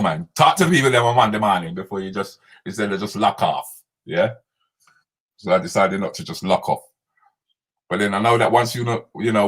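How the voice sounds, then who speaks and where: A man's voice: lowish voice, slightly rough. A man hosting a casual live stream, chatting and laughing as he answers viewer comments.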